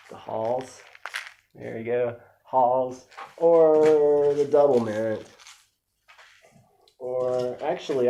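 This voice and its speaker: A music teacher with a mellow, medium-pitched voice gives a casual lesson, chatty and easygoing, using lots of fillers while explaining technique. There is slight background noise.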